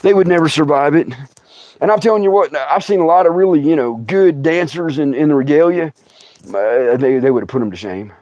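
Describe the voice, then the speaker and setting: A middle-aged man telling stories on a livestream in a casual, animated way, laughing often and acting out other people's voices. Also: on the high side, a little fast, dry recording, dull audio. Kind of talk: casual storytelling.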